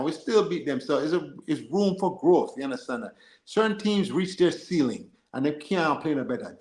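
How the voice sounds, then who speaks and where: A man co-hosting a football live stream, reading and answering chat in an animated, joking way. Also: fairly high pitch, roomy sound. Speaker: livestream co-host.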